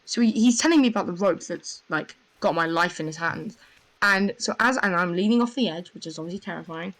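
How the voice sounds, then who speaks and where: A young woman telling a rambling, excitable story in casual voice chat, full of fillers. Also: on the low side, fairly quick, low-quality recording. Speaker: gamer.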